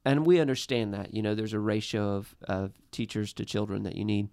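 Earnest male storyteller, thirties, low smooth voice with gravel, dry close sound. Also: fairly even intonation, mellow, no room sound. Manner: earnest, halting with restarts. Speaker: guest. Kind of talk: personal storytelling in a podcast chat.

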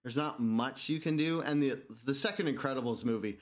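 A man co-hosting a casual podcast chat, excitable and swearing freely. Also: mid-range voice, a little fast.

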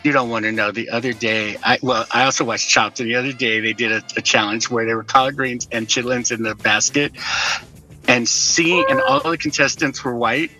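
A middle-aged man chatting as a podcast guest, an animated storyteller who jokes and laughs easily. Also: mid-range voice, fairly quick, faint music behind, rough recording. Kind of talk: casual conversation.

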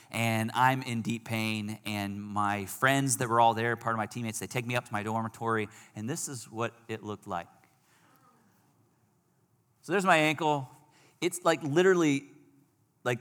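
A man preaching, telling a personal story with animated swings between loud outbursts and hushed moments. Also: mid-range voice. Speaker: pastor. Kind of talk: sermon storytelling. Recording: long hall reverb.

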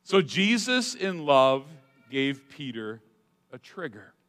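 A male pastor preaching a sermon, dramatic, swinging between loud emphatic lines and hushed asides. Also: on the high side, sing-song, takes it slowly, faint music behind. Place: church sanctuary. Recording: long hall reverb.

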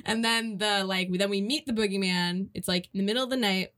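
A young woman chatting casually while recapping a movie plot, animated and quick to laugh, with lots of filler words. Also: medium pitch.

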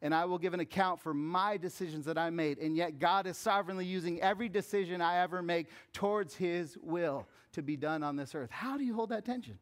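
A pastor preaching a conversational sermon that rises to fervent appeals. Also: male voice, high-pitched, fairly quick, few pauses.

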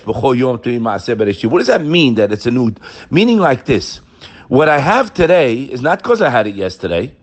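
A man giving an informal Torah class, talking straight to his listeners and repeating key phrases for emphasis. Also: fairly high pitch. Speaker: Torah teacher.

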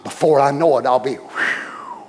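A man voicing an aged male apostle who is calm and unafraid of death, in a homely drawl. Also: mid-range voice, measured pace, pitched below the performer's own voice. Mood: serene.

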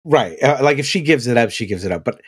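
A man's voice: medium pitch, quick pace, husky. A married man on a podcast, chatting casually, telling a story with lots of swearing and breaking into laughter. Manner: animated storytelling, laughs often, swears freely. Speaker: podcast co-host. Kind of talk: casual chat.

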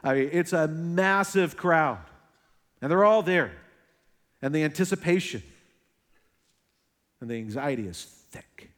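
A young male pastor delivers a sermon as an animated story, his voice sitting slightly high for a man. He throws in sarcastic jokes, then sinks to a hushed, intense delivery. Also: a little slow, long pauses.

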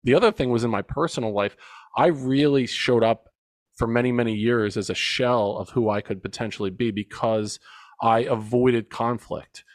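A man's voice: medium pitch, moderate pace, no room sound. Earnest man in his forties, dry sound. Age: 40s. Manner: earnest and reflective, with emphatic retelling. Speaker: podcast guest, men's coach. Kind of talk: personal storytelling in an interview.

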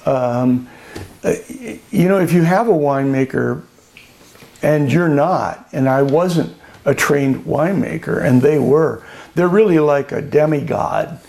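A man's voice: fairly high pitch, a little slow, creaky, darkish tone. An older man who owns a winery, telling anecdotes in an oral history interview, chatty, laughing often and acting out the voices of people he quotes. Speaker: winery owner.

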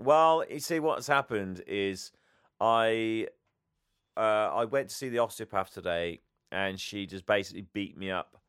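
Brief: tired male co-host, low smooth voice, casual chat, dry close mic. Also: measured pace, fairly bright tone, no room sound. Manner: chatty, self-deprecating, laughs often. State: tired, yawning. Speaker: podcast co-host.

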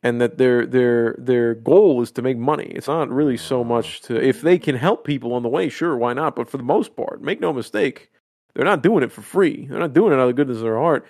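A man's voice: mid-range voice, a little fast, darkish tone. A man co-hosting a podcast, rambling and swearing in casual chat. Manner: rambling, profane, storytelling with acted quotes. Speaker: podcast co-host.

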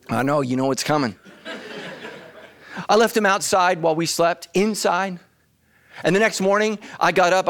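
A middle-aged man, a pastor, preaching an animated comic sermon full of storytelling, shouts and acted voices. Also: high voice, no room sound.

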